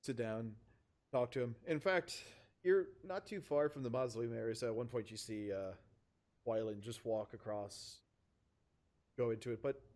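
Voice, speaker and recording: A man narrating as game master of a tabletop game, relaxed and chatty with frequent fillers. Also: mid-range voice, normal speed.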